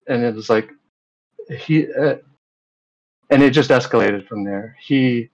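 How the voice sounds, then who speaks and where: A man's voice: medium pitch, a little slow, muffled recording. A man, a guest in an interview, recounting events in a rambling, casual way full of fillers and retold dialogue.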